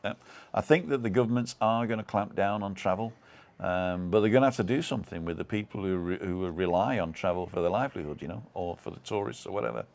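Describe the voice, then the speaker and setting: A British man hosts a live stream from home, reading viewer comments aloud and chatting in a loose, rambling way. His voice sits very low, and he leans on fillers and false starts. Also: fast talker, gravelly, a little mellow. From United Kingdom.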